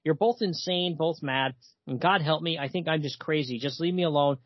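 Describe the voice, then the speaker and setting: Here is a desperate young woman at the end of her rope, pleading and defiant, read aloud by a man in his everyday voice. The tone stays husky, with slightly dull, muffled audio. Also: a little high, brisk, dry recording, natural voice. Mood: exasperated. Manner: pleading, exasperated.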